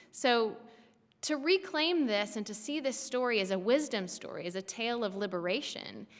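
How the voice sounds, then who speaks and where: A woman preaching a sermon with a bright, forceful tone and a fairly high voice. She talks in a casual, animated way and leans on words for playful emphasis. The sound carries a long church reverb. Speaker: minister. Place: church sanctuary.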